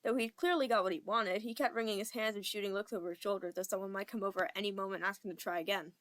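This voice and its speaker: A young woman narrating an amateur fan audiobook in a steady, plain storytelling voice. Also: mid-range voice, rapid-fire. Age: young adult.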